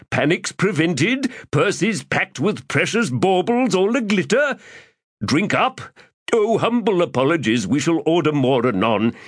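A flowery, self-important schemer holding court at a tavern table, as a man voices him in an audiobook. His pitch swoops and dances through long archaic phrases, and the sound is close and dry. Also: a bit bright, dry recording, full character voice. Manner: grandiloquent archaic speech, refers to himself in third person. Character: pompous, florid, chubby male schemer. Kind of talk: audiobook character voice.

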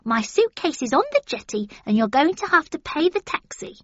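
A woman's voice: sits high, big pitch swings, normal speed, dry recording, voice pushed up. A woman voicing a very elderly grandmother who speaks grandly and bossily, in a dull, dry recording. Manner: grand, bossy.

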